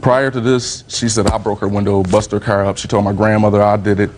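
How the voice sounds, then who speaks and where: Quick-talking man, lowish voice; defensive, brushing off accusations. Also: level tone, a little mellow, a little hiss or hum. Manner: defensive, dismissive. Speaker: witness.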